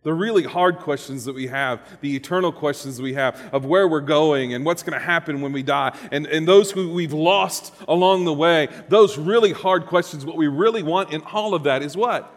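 Man, pastor, sermon, conversational, rhetorical questions, slightly high voice, church hall reverb. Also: normal speed, hardly any pauses. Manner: conversational, dynamic preaching with rhetorical questions and humor.

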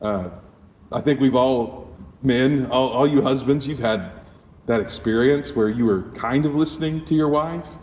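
A man's voice: mid-range voice, a little slow, a little mellow. A man preaching a sermon as a pastor, conversational, with rhetorical questions and frequent self-corrections. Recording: echoey hall, mic at a distance.

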